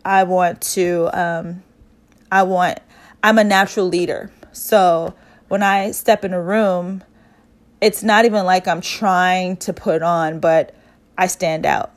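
A woman speaking in a reflective personal monologue. She talks earnestly, repeats phrases for emphasis and often pauses on fillers. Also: on the low side, fairly even intonation.

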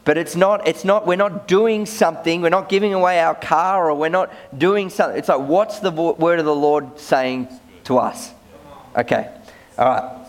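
A man's voice: a little high, moderate pace. A man preaching a sermon as a pastor, conversational, often repeating words as he starts sentences.

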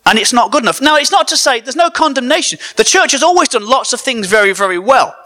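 A high-voiced man preaching with a comedian's timing, his pitch swinging widely as he jokes and banters with the crowd. His tone is bright and forceful, full of animated energy. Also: fast. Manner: animated, joking, banters with the audience. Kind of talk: comedic sermon to a live audience.

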